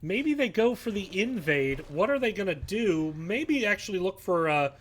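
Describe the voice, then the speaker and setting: A man giving live play-by-play commentary on an esports match, calm between plays and shouting with excitement at big fights. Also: high voice, moderate pace. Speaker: esports caster.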